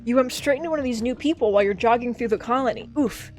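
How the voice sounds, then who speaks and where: A woman streamer reading a story game aloud, excitable and gushing, with casual swearing. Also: a little high, racing, faint music behind.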